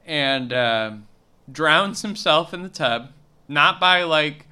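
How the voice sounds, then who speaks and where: A man with a bright, slightly high voice trades plot details about a movie in loose conversation. He is sarcastic and keeps breaking into loud, exaggerated quotes of the characters. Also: lively intonation, takes it slowly, clean tone. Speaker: podcast co-host. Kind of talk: casual movie recap chat.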